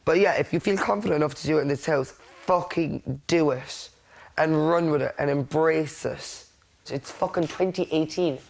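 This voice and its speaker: A woman with a low, deep voice chats in a casual heart-to-heart. She is blunt and reassuring, and she swears freely as she talks. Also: moderate pace, gravelly, a little mellow. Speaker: housemate.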